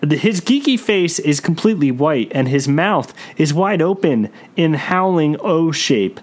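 A man hosting a comedy podcast, reading a gamebook aloud with lively storytelling and joking asides. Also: fairly high pitch, unhurried. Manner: lively storytelling, breaks off to joke.

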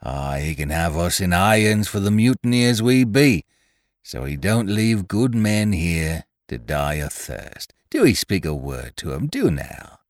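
A man's voice: sits low, big pitch swings, a little slow, no echo, clean studio sound. A man voicing a pleading male pirate mutineer who talks in a rustic sailor's dialect.

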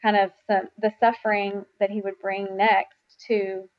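Earnest woman, podcast guest, mid pitch, slightly lo-fi sound. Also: level tone. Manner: earnest, reflective, quick to laugh. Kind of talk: faith podcast conversation.

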